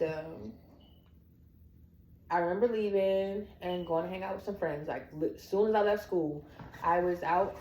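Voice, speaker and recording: A woman telling her own family story, acting out the quoted dialogue as she goes. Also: mid-range voice. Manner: animated, acts out quoted dialogue. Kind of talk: personal storytelling. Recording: echoey room.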